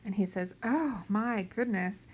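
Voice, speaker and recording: A woman teaching a lecture on a play, explaining plainly, checking in with "right?" and "okay?", and softly whispering some quoted lines. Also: medium pitch, measured pace, breathy edge.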